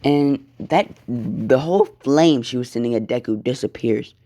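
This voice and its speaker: A man's voice: medium pitch, a little slow, dark tone. A man casually narrating an improvised fan story, swearing often and acting out the lines. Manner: casual, swears a lot, acts out quotes.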